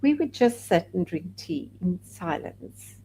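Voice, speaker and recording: Candid woman telling a personal story slowly. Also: fairly low pitch, slight background noise, rough recording. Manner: candid, animated when quoting others. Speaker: podcast guest.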